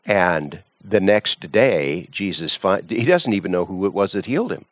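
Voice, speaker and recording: A man's voice: low-pitched, expressive, moderate pace. A man teaching from the Bible, emphatic, often repeating words and restarting phrases.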